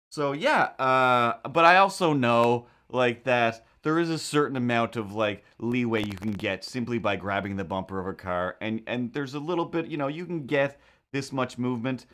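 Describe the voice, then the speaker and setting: Animated man telling a rambling story. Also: medium pitch, normal speed. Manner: animated, acts out quoted voices, rambling asides. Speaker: live-stream host and cartoonist. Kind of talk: casual storytelling on a drawing live stream.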